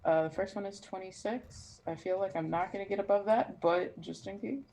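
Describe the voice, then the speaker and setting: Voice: medium pitch, moderate pace, mellow, poor audio. A player in a tabletop game, chatting casually and hesitantly with um fillers.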